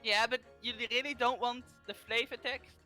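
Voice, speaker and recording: A man's voice: extremely high pitch, fairly even intonation, moderate pace, pushed and bright, faint music behind. A man from Europe, a stream guest, bantering playfully and protesting during a gaming stream. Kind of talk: casual banter while gaming.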